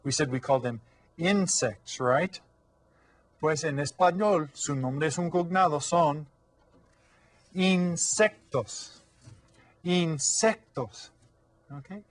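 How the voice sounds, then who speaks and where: A man teaching an elementary school video lesson, speaking in a friendly, encouraging way to young children and stretching out words slowly for them to repeat. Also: on the high side. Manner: slow, drawn-out modeling of words for children to repeat. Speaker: Spanish teacher.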